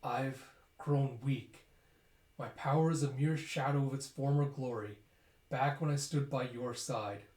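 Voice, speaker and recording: Guy doing a stern old commander, slow and grave, roomy echo. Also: mid-range voice, fairly even intonation, a little mellow, close to an everyday voice. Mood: resolute. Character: stern veteran male commander, older, resolute.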